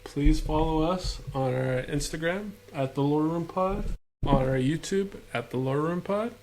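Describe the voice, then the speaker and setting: Higher-voiced man hosting a podcast over noise. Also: measured pace. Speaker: podcast host. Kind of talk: casual chat. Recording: clear background noise.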